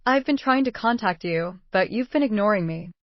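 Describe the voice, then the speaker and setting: A woman's voice: mid-range voice, animated, moderate pace, no echo, lightly acted. Woman doing a clingy clueless mom, offhand and wheedling, slightly muffled dry audio. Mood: pleading. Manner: nonchalant, wheedling. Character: clueless, controlling middle-aged mother.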